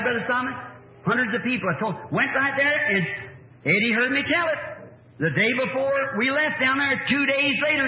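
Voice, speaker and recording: A man preaching, telling a hunting story in a folksy, animated way and acting out the dialogue. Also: extremely high pitch. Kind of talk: old-time revival sermon storytelling. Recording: echoey hall on a tinny old tape.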